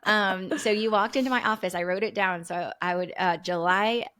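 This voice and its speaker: A woman hosting a casual talk, effusive and easily moved, reacting warmly to her guest. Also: mid-range voice, normal speed. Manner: warm, emotional, effusive. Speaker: host, clinic owner. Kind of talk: casual chat.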